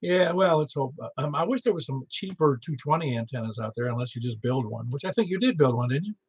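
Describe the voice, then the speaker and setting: A gravelly, husky-voiced man with a Middle Tennessee accent runs an amateur radio net in a joking, folksy way. His voice comes through a dull, lo-fi radio transmission. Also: medium pitch, animated, fast talker. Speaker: net control operator. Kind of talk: ham radio net chat.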